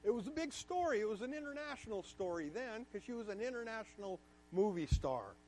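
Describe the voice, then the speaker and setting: Guest speaker, male, higher-pitched, emphatic and candid, personal storytelling to a class. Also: slight background noise. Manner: emphatic, candid, repeats words for stress.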